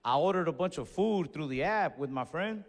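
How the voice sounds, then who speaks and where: A young man doing a stand-up comedy set on stage, telling stories in an animated way that builds to outbursts. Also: fairly high pitch, normal speed, in a large hall, slight background noise. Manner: animated storytelling with escalating outbursts. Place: comedy stage before a live audience.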